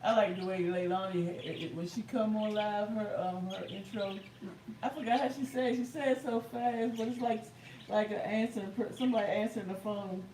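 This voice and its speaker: Relaxed woman reading live-stream comments. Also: medium pitch, fairly quick. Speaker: co-host reading the chat. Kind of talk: casual live-stream chat. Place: outdoors. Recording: echoey, distant mic, outdoor noise with birds.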